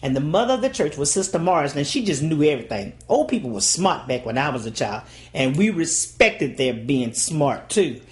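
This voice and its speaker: Older Southern woman, lively storyteller. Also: deep voice, normal speed, few pauses. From Louisiana, USA. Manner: folksy, dramatic delivery with acted-out voices. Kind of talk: oral storytelling.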